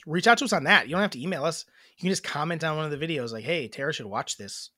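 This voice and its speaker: Casual podcast co-host, male; bright, animated delivery, rambling and jokey, dry close-mic sound. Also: fairly high pitch, rapid-fire, no room sound. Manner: rambling, jokey, many fillers and restarts. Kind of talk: casual chat.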